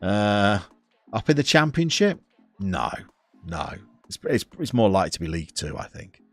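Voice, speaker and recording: A man from the English Midlands with a soft Birmingham accent, chatting casually and wryly to his chat while playing a football management game. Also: on the low side, very animated, normal speed, faint music behind. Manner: wry, self-mocking chatter to chat. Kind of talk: casual live-stream commentary.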